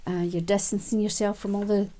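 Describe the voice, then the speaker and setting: A woman giving a gentle, unhurried self-help talk, with frequent ums and quiet laughs. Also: mid-range voice, level tone.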